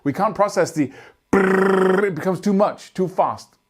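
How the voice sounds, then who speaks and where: A man's voice: high-pitched, moderate pace, darkish tone, husky. A man teaching guitar, explaining picking technique earnestly and emphatically, often sounding out rhythms with syllables. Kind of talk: instructional talk to camera.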